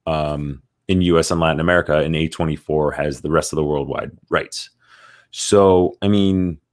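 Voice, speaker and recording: A man co-hosting a podcast, chatting casually about movie news and reading out articles with lots of fillers. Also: very deep voice. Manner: rambling, reads out news articles with many fillers. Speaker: podcast co-host.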